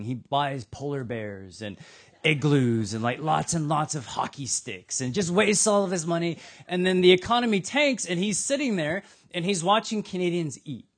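A pastor preaching a sermon in a conversational, humorous storytelling manner, speaking to a church in Austin, Texas. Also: male voice, a little high.

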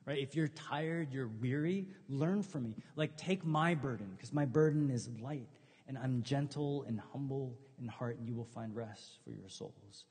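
A middle-aged man preaching a sermon in a relaxed, conversational way, telling funny stories and acting out what people said. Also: mid-range voice, measured pace, husky, in a large hall. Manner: conversational, humorous storytelling with acted quotes. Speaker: pastor.

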